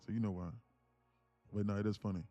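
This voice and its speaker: Mellow low-voiced man hosting a live stream. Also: flat delivery, quick pace, no echo, dull audio, soft background music. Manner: loose, repetitive, restarts phrases while reading chat. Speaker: livestream trading host. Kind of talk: casual live-stream chat.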